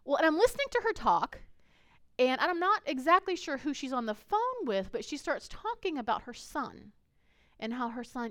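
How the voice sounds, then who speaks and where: A woman pastor preaching a sermon in a conversational, earnest way, telling a personal story and dropping to a hush for quoted dialogue. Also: high voice, very animated, a little fast.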